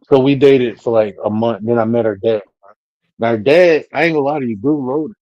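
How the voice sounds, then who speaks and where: A man's voice: medium pitch, brisk, darkish tone, no room sound, muffled recording. A man telling a profane, slang-heavy story in casual talk on a live panel stream.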